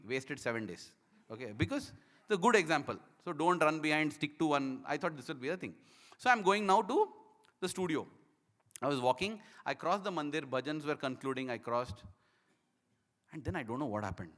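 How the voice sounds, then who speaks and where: A man giving a devotional talk as a personal testimony. He tells his story in an animated, emotional way and acts out the dialogue. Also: fairly high pitch, big-room sound. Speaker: speaker at a devotional program.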